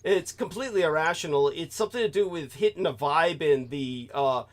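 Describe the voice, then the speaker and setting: A man's voice: on the high side, brisk. A man hosting a talk show, rambling through a profane, digressive monologue and laughing at his own remarks. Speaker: host.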